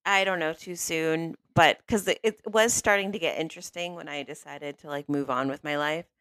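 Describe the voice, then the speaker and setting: A woman's voice: sits low, fairly even intonation, normal speed, fairly bright tone, clean tone, no room sound. A woman co-hosting a casual podcast roundtable, hesitant and self-interrupting. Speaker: podcast co-host.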